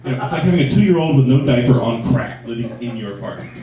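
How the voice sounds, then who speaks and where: A man's voice: medium pitch, animated, fast talker, dark tone. A man doing a stand-up comedy set at a club, with crude, self-mocking punchlines. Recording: echoey club, mic from a distance.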